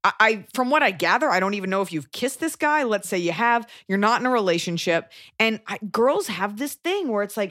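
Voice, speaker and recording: A mid-pitched woman riffs through casual podcast advice. She is blunt, profane and opinionated, and she rattles off her points quickly. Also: expressive, fairly bright tone. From Dallas, Texas. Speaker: podcast host giving advice.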